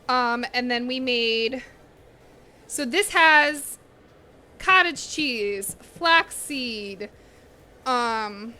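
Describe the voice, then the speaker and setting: A woman's voice: a little high, extremely slow, pauses often, sharp tone, a little hiss or hum. A woman hosting a cooking live stream, chatting casually and bluntly with viewers while she eats, swearing freely and sometimes talking with her mouth full. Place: home kitchen.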